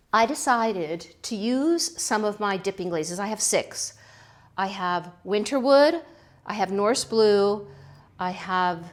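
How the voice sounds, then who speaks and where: A middle-aged woman with a mid-range voice hosts a pottery channel, chatting casually while unloading a kiln. She gushes with gasps and little exclamations in this kiln-opening vlog.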